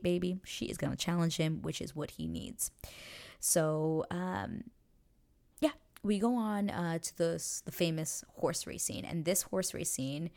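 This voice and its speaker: A young woman hosting a casual recap, excitedly chatting, swearing freely and acting out characters' lines in quick asides. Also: sits low, creaky. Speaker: podcast host recapping a TV show.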